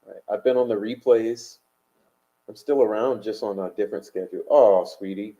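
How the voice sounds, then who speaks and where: A man's voice: lowish voice, moderate pace, warm tone. Combative man hosting a livestream. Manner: rambling, combative, full of uh fillers. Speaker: livestream host. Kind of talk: casual livestream commentary reading chat. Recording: dull lo-fi stream audio.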